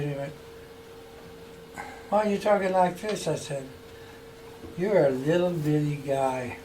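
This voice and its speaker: A man's voice: fairly high pitch, measured pace, pauses often. Man telling funny stories, chuckling. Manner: chuckling, animated storyteller acting out quotes. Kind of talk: casual anecdotal storytelling. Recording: distant mic with faint background noise.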